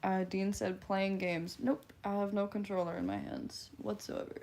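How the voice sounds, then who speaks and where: A giggly woman in her twenties talks casually on a livestream, answering chat messages in a loose, chatty way. Her voice sits at an ordinary middle pitch for a woman. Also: steady tone, a little slow, darkish tone. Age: 20s. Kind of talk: casual live-stream chat.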